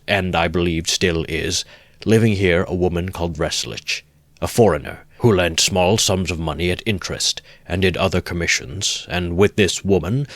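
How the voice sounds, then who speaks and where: Self-important middle-aged gentleman, read by a male narrator, low voice, formal and wordy, dry close sound. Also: dry recording. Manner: formal, long-winded, pompous.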